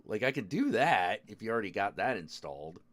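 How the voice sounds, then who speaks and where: A male streamer talking casually to his viewers, grumbling and cursing as his phone apps misbehave. His voice swings widely in pitch, dropping to low mutters and jumping up in sudden outbursts. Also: sing-song, brisk, fairly bright tone. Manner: frustrated muttering, swearing at tech. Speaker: streamer host. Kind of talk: casual live-stream chat.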